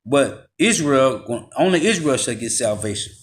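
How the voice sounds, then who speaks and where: A man preaching a forceful, confrontational sermon, slowing down to read scripture aloud and dropping his voice on tag words. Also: mid-range voice, animated. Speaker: street preacher. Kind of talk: fiery street sermon with scripture reading.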